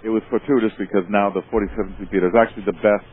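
A man's voice: on the low side, fairly even intonation, racing. A man with a Boston accent, a show's writer and creator, chatting as a guest with many fillers and a rambling way of talking. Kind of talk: casual interview on a phone line. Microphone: phone. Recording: tinny phone line, faint hiss.

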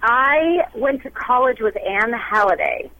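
A woman's voice: a little high, expressive, a little slow, muffled recording, slight background noise. A woman actress being interviewed, talking in a bubbly, chatty way over a remote line.

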